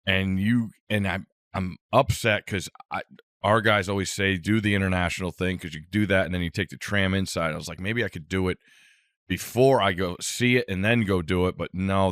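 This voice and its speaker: A man's voice: deep voice, steady tone, moderate pace, a bit bright, no room sound, studio quality. A man co-hosting a podcast, telling a rambling, self-amused travel story in casual chat.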